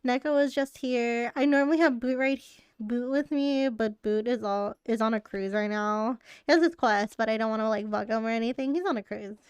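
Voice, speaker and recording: A woman's voice: on the high side, fairly quick, clean tone, no room sound. A woman streamer in rambling, casual live-stream chat with her viewers, laughing often.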